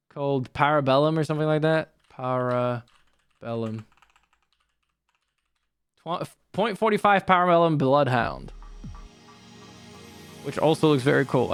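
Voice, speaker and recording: Rambling streamer with a lively voice. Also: mid-range voice, a little fast, creaky, clear, resonant tone, no room sound, soft background music. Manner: rambling, self-correcting, swears casually. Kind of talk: casual game commentary.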